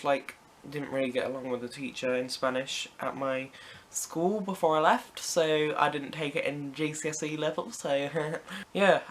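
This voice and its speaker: A man's voice: on the high side, pushed and bright, a little hiss or hum. A British teenage boy answering random questions to camera in a chatty, playful way with jokey asides. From Britain. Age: teens. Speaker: vlogger. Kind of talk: casual Q&A to camera.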